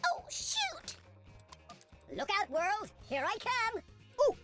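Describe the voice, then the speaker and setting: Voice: very high-pitched, huge pitch swings, slow, sharp tone, full character voice. Actors voicing cartoonish worm soldiers in a video game, barking exaggerated one-liners in many different accents. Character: assorted cartoonish worm soldiers, mixed ages. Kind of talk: game character voice clips. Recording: game music behind.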